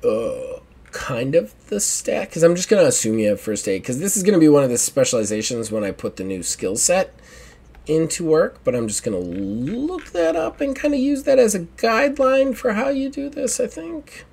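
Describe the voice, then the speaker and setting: A man's voice: a little high, very animated, moderate pace, vocal fry, a little mellow, breathy edge. A man narrating as game master for a tabletop game in a casual, chuckling way.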